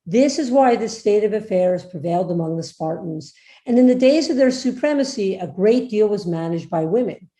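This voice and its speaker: Woman professor, informal lecture, chatty and engaging, warm tone, reverberant room. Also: mid-range voice. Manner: lively, chatty, asks the audience questions. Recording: echoey room.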